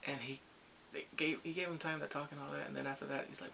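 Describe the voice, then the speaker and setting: Gravelly, bright-voiced man recapping excitedly. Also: on the high side, quick pace, slight background noise. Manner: animated, acts out characters' lines and his own reactions. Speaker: drama reviewer. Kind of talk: casual excited episode recap.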